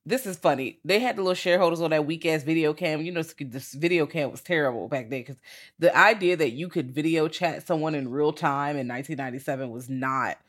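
A podcast co-host in a casual movie review chat, animated and profane, jumping up in pitch to act out quotes.

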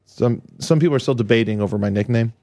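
A man's voice: medium pitch, fast talker, dark tone. A man co-hosting a casual podcast, joking around with hesitant fillers. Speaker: podcast co-host. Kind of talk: casual chat.

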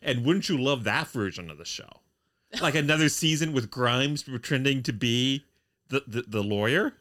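A man's voice: medium pitch, animated, normal speed, fairly bright tone. A man co-hosting a casual chat about an old TV show, retelling scenes with dry humor. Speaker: podcast co-host.

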